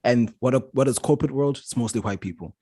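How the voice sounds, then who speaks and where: A man's voice: medium pitch, quick pace, mellow, breathy edge, no room sound, clean studio sound. A man co-hosting a casual podcast, laying out his points in a laid-back, explanatory way. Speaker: podcast co-host. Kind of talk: casual chat.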